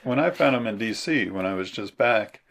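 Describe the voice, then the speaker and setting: Gravelly guy ribbing his cohost, jokey, chatty. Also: on the low side, lively intonation, normal speed, a bit bright. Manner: teasing, jokey interjections. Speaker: toy show co-host. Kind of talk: casual chat.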